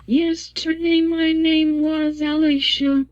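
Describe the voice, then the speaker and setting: A synthetic text-to-speech voice speaking as a woman, robotic and monotone. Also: high voice, slow pace, muffled recording. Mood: flat.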